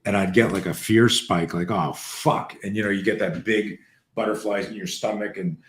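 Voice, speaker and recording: A man hosting a podcast, telling a story in casual chat, animated and swearing freely. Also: fairly low pitch, fairly quick. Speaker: podcast host. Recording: roomy echo.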